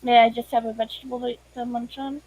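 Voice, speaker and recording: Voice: medium pitch, flat delivery, fast, darkish tone, no echo, low-quality recording. A player speaking in character with polite, hesitant questions. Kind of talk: in-character tabletop play.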